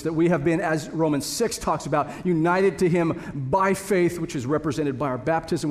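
A man preaching a sermon to his congregation, earnest and building to emphatic repetition. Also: on the high side. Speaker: pastor. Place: church sanctuary. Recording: long reverb of a hall.

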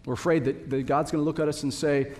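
A pastor preaches a sermon to his congregation in a church sanctuary, talking fast in a somewhat high, steady, slightly mellow voice. He is earnest and builds toward emphatic repetition. The hall gives the recording a long reverb.

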